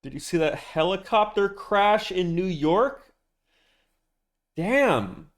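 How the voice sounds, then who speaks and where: This man streams live with a high-pitched voice, lively intonation, and a slow pace. He chats casually and rambles, swearing often as he answers his chat.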